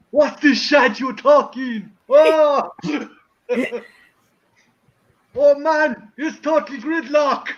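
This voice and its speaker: A man hosting a casual watch stream, loud and sweary, laughing a lot. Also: extremely high pitch, lo-fi sound. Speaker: stream host.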